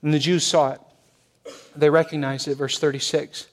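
A male pastor preaching a sermon in a church, shifting between loud emphasis and hushed softness. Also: a little high, moderate pace. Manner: expressive, swings from loud to hushed.

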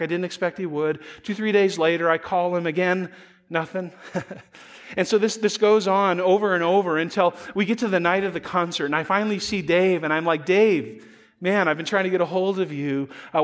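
A man giving a sermon as pastor, telling a story in a conversational way with self-deprecating humor. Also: high-pitched.

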